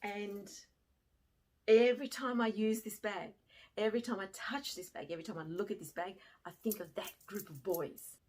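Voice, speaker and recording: A middle-aged woman from Australia telling a personal story to camera, swinging from hushed to excited. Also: medium pitch, normal speed. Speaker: fashion vlogger and former teacher.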